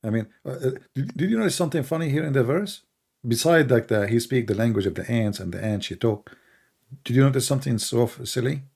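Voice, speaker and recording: A man hosting a heated debate on a call, blunt and mocking, quizzing his guest and reciting Arabic verses quickly, his voice worn from long talking. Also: mid-range voice, lively intonation, creaky, darkish tone, slightly rough. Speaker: host.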